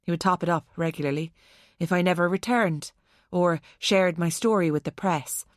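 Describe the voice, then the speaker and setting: A woman voicing an unhinged young woman who talks about murder with a mocking calm. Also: lowish voice, normal speed, dry recording, clean studio sound, close to an everyday voice. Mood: bitter confession. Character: unhinged young Irish woman, cold and menacing.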